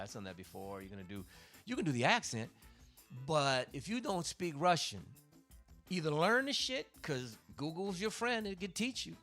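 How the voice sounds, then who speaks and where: A man speaking at a middle pitch, a comedian riffing through a casual livestream monologue. He talks with force and swears freely. He circles back and restarts his thoughts as he goes, over faint background music. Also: a bit bright. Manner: profane, emphatic, rambling with restarts.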